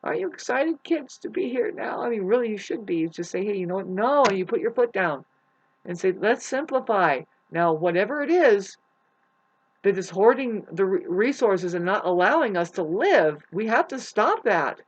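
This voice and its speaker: A woman vlogging a rambling spiritual monologue, swearing often, restarting her sentences, and swinging between loud outbursts and hushed asides. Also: medium pitch, animated, moderate pace, lo-fi sound. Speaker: astrology vlogger.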